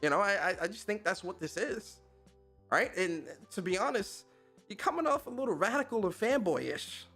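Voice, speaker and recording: A man's voice: high-pitched, expressive, normal speed, a bit bright, soft background music. Laid-back, slangy male podcast host. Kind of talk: casual live-stream chat.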